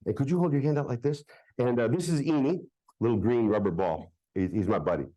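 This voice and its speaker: A man's voice: mid-range voice, a little fast, mellow, dull audio. A man performing a live magic show for children at a public library, joking playfully with the crowd.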